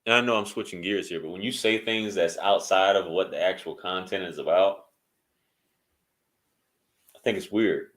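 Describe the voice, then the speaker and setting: Low, forceful man ranting on a vlog. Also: normal speed, pauses often. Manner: blunt, profane, rambling with restarts. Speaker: YouTube commentator. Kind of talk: casual commentary vlog.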